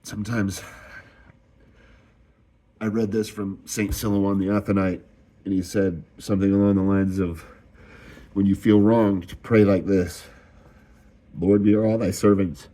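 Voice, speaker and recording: A man's voice: sits low, level tone, a little slow, pauses often, mellow. A young man in a raw confessional monologue, swearing and sighing as his voice rises and falls with distress. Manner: raw, swearing, sighing often, voice rising when upset. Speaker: vlogger.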